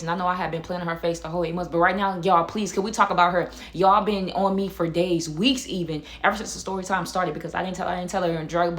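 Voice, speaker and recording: A young woman tells a personal story time to her viewers, speaking in a lowish voice. She is chatty and dramatic, talking straight to her audience. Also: fairly bright tone. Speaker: YouTube storyteller. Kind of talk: casual story time to camera.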